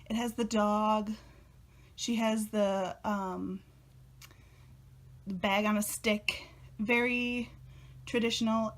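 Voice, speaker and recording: Bubbly, breathless young woman. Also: mid-range voice. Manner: bubbly and excitable, laughing often. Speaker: tarot vlogger. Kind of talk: casual chat.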